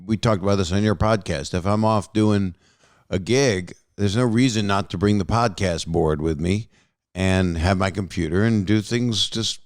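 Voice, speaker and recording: A man's voice: deep voice, normal speed, no room sound, clean studio sound. A man hosting a podcast interview, chatty and jokey, often talking over his guest. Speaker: podcast host. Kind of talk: casual interview chat.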